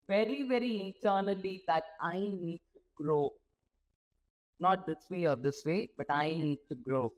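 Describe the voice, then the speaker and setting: A woman's voice: mid-range voice, a little mellow, rough recording. Woman giving an interactive talk. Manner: interactive, asks the audience questions. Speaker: guest speaker. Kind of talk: motivational talk to nurses. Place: symposium stage before an audience.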